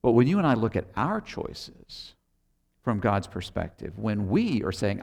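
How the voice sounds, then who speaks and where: A man's voice: lowish voice, sing-song, measured pace, creaky, a little mellow. A man preaching a sermon, retelling a Bible story conversationally and acting out the characters' lines. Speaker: pastor.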